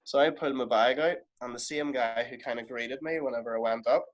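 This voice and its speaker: Male wrestler, podcast guest, animated storyteller, mid-pitched voice. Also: brisk, muffled recording. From Ireland. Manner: animated, lively anecdote telling with quoted exchanges. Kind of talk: casual storytelling.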